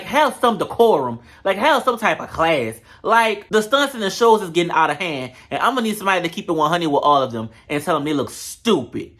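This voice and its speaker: A show reviewer speaks on camera, recorded on the camera mic, giving a casual and blunt recap of a reality show straight to viewers. The voice is medium-pitched with a fairly bright tone.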